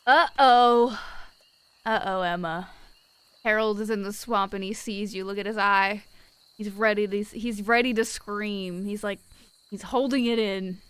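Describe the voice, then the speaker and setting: A woman's voice: medium pitch, level tone, moderate pace, fairly bright tone, clear, resonant tone, dry recording. A young woman streaming live, chatting casually and reading out viewers' messages in a blunt, wry way.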